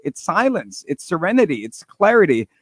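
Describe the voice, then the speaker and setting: A man's voice: high voice, big pitch swings, moderate pace, husky, no echo, studio quality. A man hosting a radio show, asking questions in an encouraging way as the interviewer. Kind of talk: casual interview.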